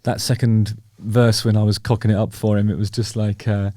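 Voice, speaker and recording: Lowish and dark, this host's voice holds a level tone at normal speed. He rambles through casual talking-head commentary on his own show, chatty, wry and self-deprecating with fillers, and the studio-quality recording has no room sound.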